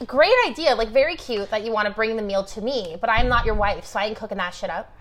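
A woman's voice: a little high, quick pace, a crowd in the background. A young woman telling a wild dating story in casual chat, swearing freely and acting out what people said. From Italian family. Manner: animated, swearing, acting out quotes.

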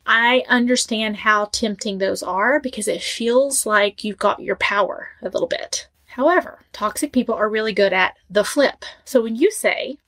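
A woman relationship coach giving direct advice to camera, emphatic and animated, driving her points home by repeating them. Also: on the high side, normal speed, hardly any pauses.

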